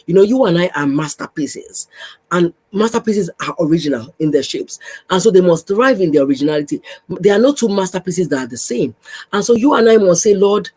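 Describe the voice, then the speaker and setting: A woman's voice: fairly low pitch, animated, brisk, breathy edge, low-quality recording. A woman hosting a faith podcast, exhorting listeners with repeated, direct phrases. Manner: repetitive, exhorting, addresses listener warmly. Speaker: podcast host, pastor's wife.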